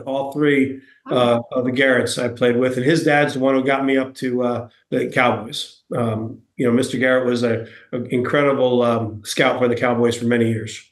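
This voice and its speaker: Rambling New York man in an echoey room. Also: mid-range voice. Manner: rambling, self-deprecating, lots of fillers and restarts. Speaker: guest. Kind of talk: casual storytelling interview.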